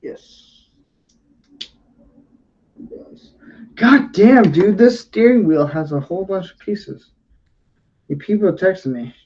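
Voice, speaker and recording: A man streams slowly and wearily in a higher, lively voice, sounding tipsy. His mic is dull and lo-fi. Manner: slow, weary, tipsy. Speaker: streamer building a model. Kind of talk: casual chat.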